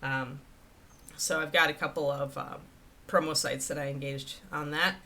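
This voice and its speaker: A woman's voice: deep voice, steady tone, moderate pace, pushed and bright. A woman hosting a livestream, chatting casually and rambling to her viewers. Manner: chatty, rambling, talks to the chat and her dog. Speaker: host of a miniature painting livestream.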